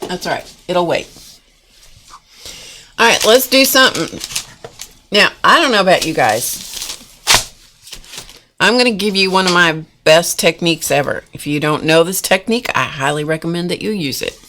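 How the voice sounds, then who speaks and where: A woman's voice: lowish voice, lively intonation, moderate pace, long pauses, pushed and bright, a little hiss or hum. A woman hosting a casual live-stream art class from a home desk, chatting folksily with viewers as she demonstrates. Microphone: camera mic at a desk.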